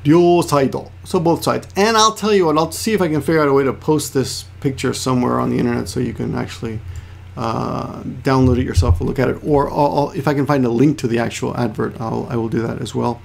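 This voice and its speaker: A man's voice: mid-range voice, steady tone, brisk, creaky. A man teaching a casual Japanese lesson, explaining word by word, repeating terms and correcting himself as he goes. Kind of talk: casual screen-share lesson.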